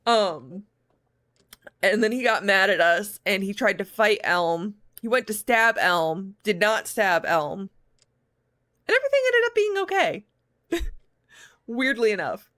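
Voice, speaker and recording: A woman's voice: mid-range voice, slow, fairly bright tone, no echo. A woman streamer reading a visual novel aloud with chatty, laughing asides.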